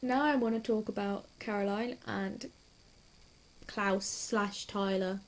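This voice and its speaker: This is a casual, rambling reaction chat from a young adult vlogger with a mid-range voice. Excited and hyper, she giggles often and gushes readily as she moves through the episode's scenes.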